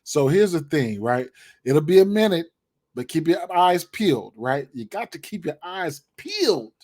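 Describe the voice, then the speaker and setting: A man's voice: on the high side, very animated, unhurried, a little mellow. A man giving his sports betting picks in casual, rambling talk, full of fillers and repeated words. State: hiccups, clearing throat.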